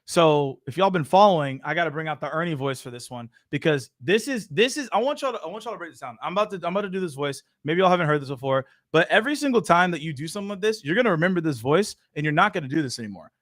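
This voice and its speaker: A young man hosts a live question-and-answer stream. He talks in a high, energetic voice and stays playful, teasing the audience with y'all. He comes across like someone chatting with regular viewers. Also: quick pace, few pauses. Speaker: show host.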